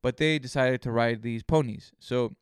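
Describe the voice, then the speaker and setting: A man's voice: mid-range voice, normal speed, smooth, dry recording, studio quality. A man hosting a solo podcast, telling rambling stories with plenty of swearing. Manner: rambling storytelling, heavy swearing. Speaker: podcast host. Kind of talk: casual solo podcast monologue.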